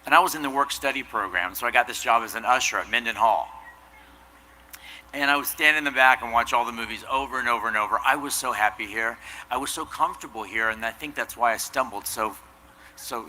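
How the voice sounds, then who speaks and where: A man's voice: medium pitch, quick pace, pushed and bright, a little hiss or hum, low-quality recording. A man giving a commencement address, telling an earnest, self-deprecating story. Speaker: commencement speaker. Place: outdoor commencement ceremony.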